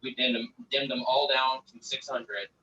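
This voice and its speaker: A man's voice: medium pitch, fairly even intonation, moderate pace, pushed and bright. A man talking casually and profanely about growing, rambling through numbers and stories. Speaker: guest grower. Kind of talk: casual livestream chat. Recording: distant lo-fi mic with faint noise.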